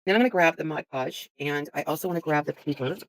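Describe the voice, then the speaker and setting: A woman's voice: low-pitched, fast talker, no echo. A woman vlogger chatting casually as she walks through a crafting project step by step, with frequent fillers.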